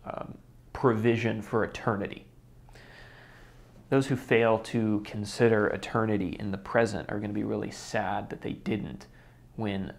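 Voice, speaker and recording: Young male Bible teacher, relaxed and conversational, slight vocal fry. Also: fairly low pitch. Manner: relaxed, chatty, with small laughs and restarts. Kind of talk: casual Bible study video.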